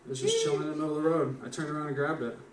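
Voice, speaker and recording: Young man, stand-up storytelling, profane and rambling, slightly high voice, echoey room, heard from afar. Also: wildly swooping pitch, rapid-fire, a little hiss or hum. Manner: rambling, profane, keeps asking "right?". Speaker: open mic performer. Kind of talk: stand-up storytelling at an open mic. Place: small live venue stage. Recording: echoey room, distant mic.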